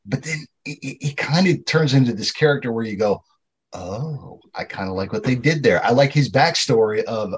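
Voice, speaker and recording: A man's voice: lowish voice, husky. A man co-hosting a podcast, chatting casually and animatedly about a horror film, laughing and swearing freely. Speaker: podcast co-host. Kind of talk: casual chat.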